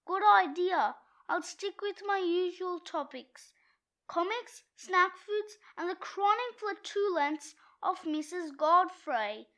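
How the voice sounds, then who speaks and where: A woman's voice: very high-pitched, expressive, takes it slowly, fairly bright tone, exaggerated voice. A woman voicing a nervous, wisecracking sixth-grade boy at a party, in a read-aloud of a comic book. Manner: self-conscious, wisecracking.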